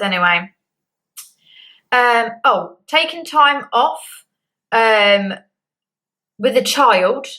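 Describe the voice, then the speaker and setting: Bright, chatty young woman. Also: medium pitch, poor audio. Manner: chatty and candid, acts out quotes. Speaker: beauty vlogger. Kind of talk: casual chat to camera.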